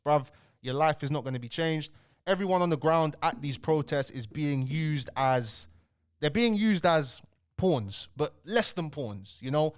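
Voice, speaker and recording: Young man, casual rant to camera, slangy and animated, voice a touch higher than usual. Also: a little slow. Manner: animated, ranting, fills lines with "bro" and "bruv". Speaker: commentary channel host.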